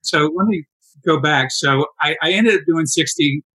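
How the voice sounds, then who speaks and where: A man in his sixties telling stories in a casual interview, animated and acting out quoted dialogue. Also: a little high, normal speed, poor audio. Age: 60s. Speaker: interview guest, endurance athlete.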